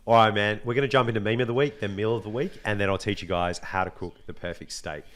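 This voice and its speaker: A young adult man with an Australian accent, hosting a casual podcast chat, animated and swearing freely, with a slight cold. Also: lowish voice, fast talker. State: has a cold. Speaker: podcast host.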